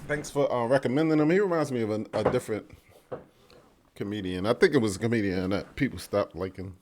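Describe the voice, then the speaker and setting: A man's voice: on the low side, fast, background noise. A man hosting a reaction video and signing off casually. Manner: casual, relaxed sign-off.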